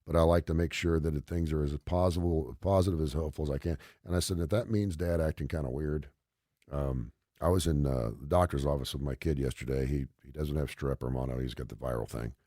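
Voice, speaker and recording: Middle-aged male radio host, low dry voice, chatty storyteller. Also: brisk, dry recording. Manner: animated anecdote teller, quotes his kids, laughs often. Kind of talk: casual radio chat, storytelling.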